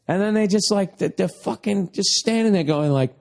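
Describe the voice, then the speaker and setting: A man's voice: sits high, animated, normal speed, gravelly. A man with a Boston accent in a profane, mocking comedic rant, swearing and doing voices. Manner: ranting, swearing, mocking imitations. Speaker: comedian, podcast host.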